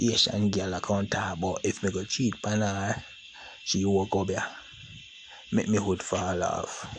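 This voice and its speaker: A man's voice: fairly low pitch, vocal fry, a little hiss or hum, low-quality recording. A man talking casually to the camera, rambling and boastful with a lot of slang. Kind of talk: casual monologue.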